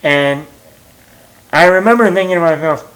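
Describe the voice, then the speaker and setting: A man's voice: fairly high pitch, moderate pace, fairly bright tone, rough recording. A man chatting casually as a movie vlogger, telling a story in a rambling, self-mocking way with lots of fillers.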